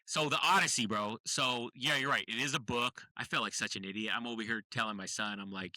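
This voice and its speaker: A man's voice: fairly low pitch, quick pace, few pauses, bright, forceful tone, dry recording. A man, casually retelling a movie plot on a podcast, rambling and saying "bro" a lot. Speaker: podcast co-host.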